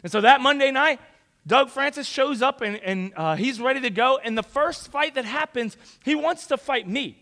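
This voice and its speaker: A young man telling a story to a crowd in a lively, casual, conversational way. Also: very high-pitched, moderate pace. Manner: animated, conversational, casual slang. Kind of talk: storytelling talk.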